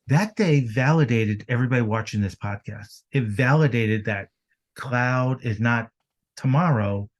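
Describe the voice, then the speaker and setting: A man speaking as a podcast guest in a casual business chat. His voice sits at an ordinary middle pitch, and he talks with energy, tossing out rhetorical questions.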